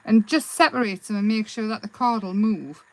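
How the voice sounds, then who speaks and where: A woman hosting a live craft demonstration, chatting in a relaxed, rambling way and answering viewers' comments as she works. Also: medium pitch, moderate pace, rough recording. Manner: relaxed, self-deprecating. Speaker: craft livestream host.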